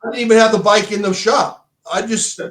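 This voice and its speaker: A man's voice: high voice, steady tone, brisk, fairly bright tone. A middle-aged man casually telling stories about owning a bike shop, rambling with lots of restarts and "dude". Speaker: podcast guest, former bike shop owner. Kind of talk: casual chat. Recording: roomy echo.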